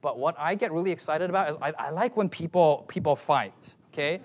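A man preaching at a youth conference in a playful, animated way, often calling out to the audience. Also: fairly high pitch, brisk. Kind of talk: sermon.

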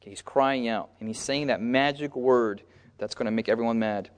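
A man preaching a lively sermon at a middle pitch, stopping mid-verse so his listeners call out the missing word. His voice rings with a long reverb, as in a church hall. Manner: pauses on a word and asks the listeners "what?" so they call out the answer; lively, acts out the crowds in brief character voices.

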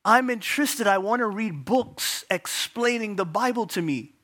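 A man putting on a squeaky frail old lady. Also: lively intonation, normal speed, fairly bright tone. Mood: timid. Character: frail elderly woman, squeaky and shy. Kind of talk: sermon storytelling.

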